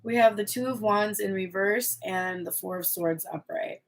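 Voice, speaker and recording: A woman with a gravelly, slightly husky voice gives a channeled tarot reading. She talks candidly and expressively, cursing without holding back. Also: mid-range voice, moderate pace. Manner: candid, expressive, swears freely. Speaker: tarot reader.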